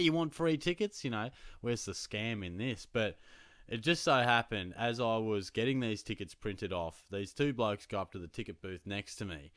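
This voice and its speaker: A man's voice: fairly low pitch, a bit bright, no room sound, studio quality. A young adult man with an Australian accent, chatting casually as a fantasy football show host and telling stories full of slang. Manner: chatty storytelling with slang and laughs. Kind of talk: casual chat.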